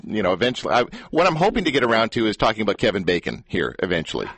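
A man's voice: lowish voice, racing. A man hosting a radio show, teasing and joking with his guest in a playful interview. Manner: teasing, jokey, animated. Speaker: radio host.

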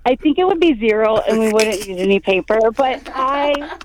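A woman's voice: on the high side, lively intonation, normal speed, slight background noise, poor audio. A middle-aged woman comedian calling in from outdoors at a festival, playful and teasing in a comic chat. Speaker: comedian and regular correspondent.

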